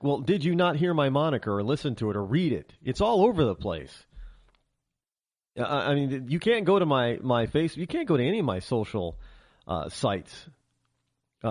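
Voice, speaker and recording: A middle-aged American man hosts his own talk show, riffing in a sarcastic monologue that keeps tripping over restarts. His pitch swings widely as he talks. The sound is close and dry, with no room around it. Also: no echo. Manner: animated, sarcastic, many restarts. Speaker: radio talk show host. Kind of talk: opinionated monologue.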